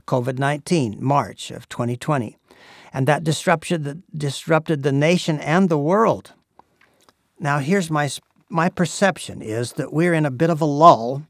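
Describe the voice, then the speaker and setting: Male preacher, gravelly voice, earnest, unhurried sermon delivery, dry close recording. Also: fairly high pitch, no echo. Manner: earnest, measured, with frequent "uh" pauses.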